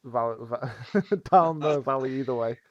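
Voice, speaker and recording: A man's voice: mid-range voice, crowd noise. A man cracking jokes as a player in a tabletop game. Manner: joking, quick with quips. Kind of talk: casual game chat. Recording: dry, muffled lo-fi audio.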